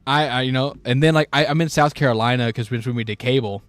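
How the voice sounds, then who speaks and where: A man's voice: mid-range voice, fast, dry recording. A young man co-hosting a casual chat, telling a long story in a rambling way with many restarts and acting out the people he quotes. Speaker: podcast co-host.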